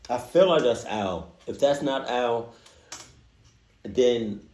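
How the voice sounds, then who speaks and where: A man reacting to a horror story, loud and animated, joking and swearing. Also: mid-range voice, extremely slow, a little hiss or hum. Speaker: reaction video host. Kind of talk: casual reaction commentary. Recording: echoey room.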